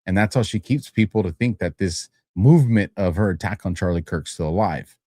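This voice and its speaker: Deep-voiced man hosting commentary. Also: a little fast, mellow, no echo, clean studio sound. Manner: conversational, addresses listeners as folks. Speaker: host. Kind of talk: commentary on played clips.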